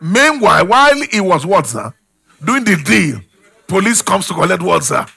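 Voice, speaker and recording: A man preaching a sermon, calling out questions to the congregation and swinging between loud and hushed. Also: high voice, sing-song, moderate pace, vocal fry, husky. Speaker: pastor.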